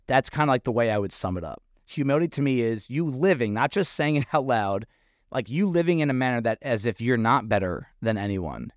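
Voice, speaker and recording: A man's voice: medium pitch, dry recording. Chatty male coach on a dry mic. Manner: rambling, self-questioning, frequent fillers. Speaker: podcast co-host, fitness coach. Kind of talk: casual podcast chat.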